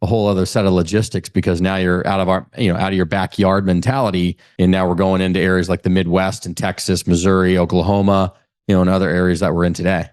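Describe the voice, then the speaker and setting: A man's voice: low voice, little pitch movement, quick pace, a little mellow. A man talking energetically as a guest on an interview podcast, with frequent restarts. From California. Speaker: guest, real estate investor. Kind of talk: casual interview.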